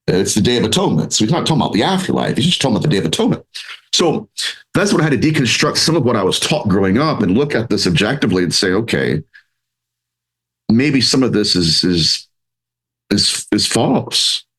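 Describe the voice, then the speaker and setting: Lively low-voiced man in an interview. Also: very fast, low-quality recording. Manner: animated, rambling with restarts, acts out quoted voices. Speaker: paranormal researcher and author, podcast guest. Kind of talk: conversational interview.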